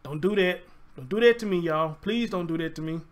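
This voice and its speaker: A man's voice: sits high, brisk. A man hosting a live show, pleading and swearing as he fights back tears and repeats himself. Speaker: show host. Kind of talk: casual live-stream commentary.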